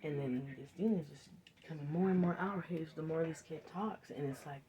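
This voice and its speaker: A man's voice: on the high side, a little fast, dark tone. A man in a casual, rambling, profane monologue who acts out quoted lines as he goes.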